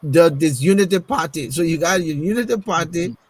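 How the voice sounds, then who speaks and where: On a talk show, a man argues politics in a fairly high, lively voice, brisk and slightly rough, and the recording is rough too. He presses rhetorical questions and repeats words while hunting for his next thought in this casual political discussion.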